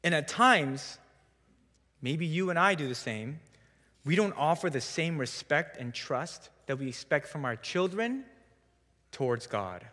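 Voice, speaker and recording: A young adult man giving a sermon in a church, telling a story in a relaxed, conversational way with self-deprecating humor. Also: on the high side, measured pace, big-room sound. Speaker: preacher. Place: church sanctuary.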